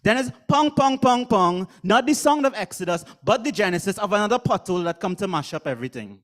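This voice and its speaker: A man's voice: high voice, lively intonation, a little fast, a bit bright. A man with a Trinidadian accent performing a comic spoken word poem in a theatrical way. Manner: comic, theatrical delivery with mock voices. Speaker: slam poet.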